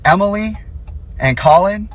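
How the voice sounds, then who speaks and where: A man's voice: high voice, lively intonation, a little slow. A young man in an angry, profane direct-to-camera rant, confronting and accusing the people he addresses. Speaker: vlogger.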